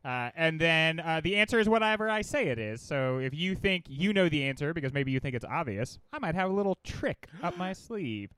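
A man's voice: a little high, lively intonation, brisk, few pauses, a bit bright, clean tone. A man co-hosting a casual movie podcast who also runs a trivia segment, playful and theatrical. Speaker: podcast co-host, trivia quizmaster.

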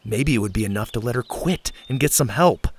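A man narrating a children's story in an expressive, lively reading. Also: medium pitch, brisk, slightly rough.

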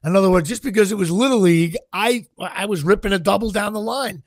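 A middle-aged man from Central New Jersey, a guest actor telling stories in an interview, animated and often stammering and repeating words. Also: high-pitched, quick pace, no room sound. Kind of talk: anecdotal interview storytelling.

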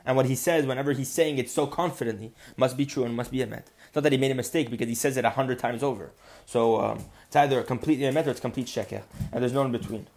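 A man's voice: mid-range voice, fast, hardly any pauses, darkish tone. A man teaching a podcast Torah lesson, earnest and building to emphatic insistence.

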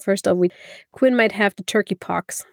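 A woman's voice: medium pitch, moderate pace, creaky, no echo, studio quality. A woman co-hosting a podcast in a casual, chatty way, laughing easily and swearing freely. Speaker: podcast co-host.

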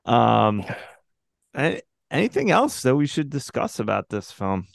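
A man's voice: mid-range voice, very animated, a little slow, creaky, no echo, studio quality. A man hosting a casual movie podcast, laid-back with crude jokes. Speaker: podcast host. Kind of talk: casual chat.

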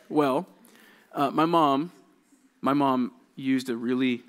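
A young man preaching to junior high kids as youth pastor, telling a childhood story in a casual, conversational way and often checking in with his listeners. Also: fairly even intonation, normal speed, fairly bright tone.

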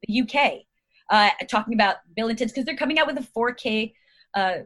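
A woman's voice: a little high, brisk, fairly bright tone. A middle-aged American woman, an actress guest, chatting in a rambling, bubbly way and laughing often. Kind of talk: casual interview chat.

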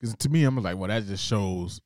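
A man's voice: fairly low pitch, fairly quick, darkish tone, clear, resonant tone, no echo, clean studio sound. A man in casual chat, laid-back and easygoing, using slang.

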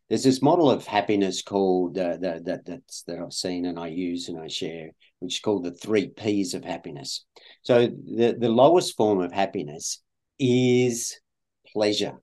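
A man's voice: fairly low pitch, dark tone. An Australian man, a guest in an interview, talking in a rambling way with many fillers and restarts. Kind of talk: conversational interview.

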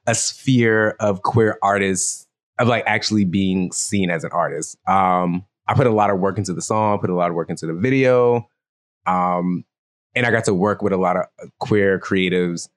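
A man from the Southern US with a Southern accent, chatting as a guest musician in a casual interview and laughing often. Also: sits low. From Southern United States. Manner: giggly, self-deprecating, breaks into laughter often.

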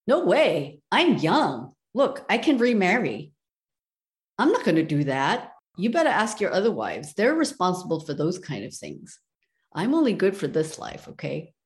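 A woman's voice: fairly low pitch, very animated, normal speed, hardly any pauses, darkish tone. A woman doing a brash young wife. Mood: indignant. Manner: indignant, dismissive.

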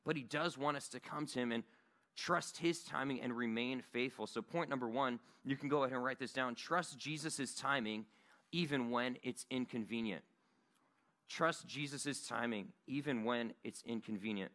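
A man's voice: medium pitch, normal speed, a bit bright. A man giving a sermon at a Bible study in a church meeting room, earnest and conversational.

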